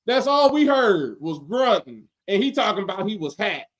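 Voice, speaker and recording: A man with a notably high voice hosts a loose, chatty podcast. He talks with lively energy, laughs often and mimics other people's voices as he tells stories. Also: normal speed. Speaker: podcast host. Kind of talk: casual wrestling podcast chat.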